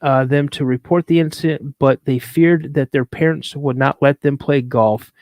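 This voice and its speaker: A man's voice: medium pitch, steady tone, moderate pace, a little mellow, no room sound. A man co-hosting a live show, telling a rambling anecdote in casual chat. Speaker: co-host.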